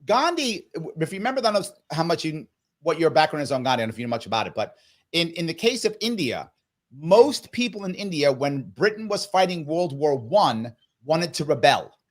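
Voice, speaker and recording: Emphatic New man, higher voice. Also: very animated, fairly quick. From New York. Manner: emphatic storyteller who acts out quoted voices. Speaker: political guest. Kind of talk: animated interview talk.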